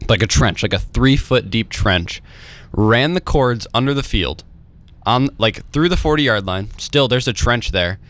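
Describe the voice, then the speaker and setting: A man co-hosting a podcast in casual chat, telling animated stories packed with "like" and acting out the people he quotes. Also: medium pitch, unhurried. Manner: animated storyteller who acts out quoted voices; filler-heavy, uses "like" constantly. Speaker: podcast co-host.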